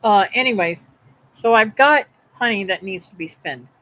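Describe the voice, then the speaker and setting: A woman's voice: mid-range voice, moderate pace, fairly bright tone, poor audio. A middle-aged woman, telling a rambling, folksy story to her livestream viewers from home. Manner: chatty, folksy, meandering. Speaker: homestead livestream host. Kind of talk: rambling live-stream storytelling.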